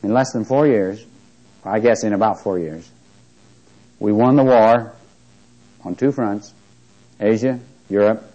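A man's voice: on the low side, measured pace, pauses often, mellow. An older man preaching a sermon, emphatic and lifting his voice to stress key words. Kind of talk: sermon on prophecy. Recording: dull lo-fi recording.

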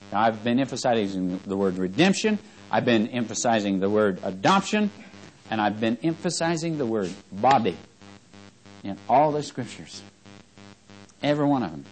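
A man preaching a Bible-teaching sermon, reading scripture with loud, rising emphasis and quizzing his listeners. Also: mid-range voice, animated, moderate pace, long pauses, faint music behind, poor audio.

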